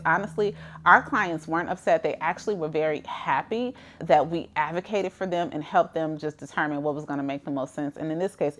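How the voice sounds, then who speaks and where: A middle-aged woman, coaching real estate agents in a candid, conversational way. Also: sits low. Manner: candid, conversational, frequent "like" and "you know". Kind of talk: coaching monologue to camera.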